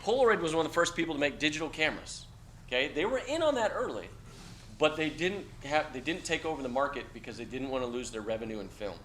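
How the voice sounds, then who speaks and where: A middle-aged man lecturing students in a classroom with a bright, forceful voice. He keeps it loose and blunt, checking in with "okay?" and dropping the odd swear. There is a faint hiss in the background. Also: fairly high pitch, lively intonation, fast talker. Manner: conversational, blunt, peppers lines with "okay?" and casual swearing. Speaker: university lecturer.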